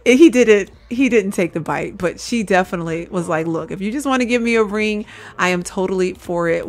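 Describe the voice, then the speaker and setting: A woman with a medium-pitched, expressive voice hosts a laid-back let's-play at normal speed. She chats with her viewers, calls them y'all, and often bursts out laughing.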